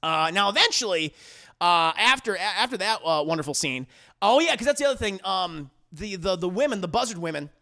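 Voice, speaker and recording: Animated man recapping a movie, bright voice. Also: high-pitched. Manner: animated, profane, jumps into quick impressions of the characters; laughs loudly at his own jokes. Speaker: movie reviewer. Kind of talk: comedic movie recap for a livestream chat.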